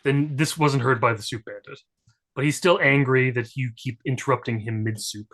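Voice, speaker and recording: A man's voice: medium pitch, moderate pace, a bit bright, a little hiss or hum. A man narrating as game master in a tabletop game, chatty and loose, with plenty of fillers.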